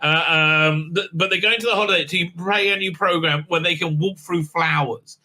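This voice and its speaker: Sharp-voiced sarcastic male reviewer. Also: fairly high pitch, steady tone, moderate pace, low-quality recording. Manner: mocking, rambling with many fillers. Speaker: host and TV reviewer. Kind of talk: sarcastic casual recap.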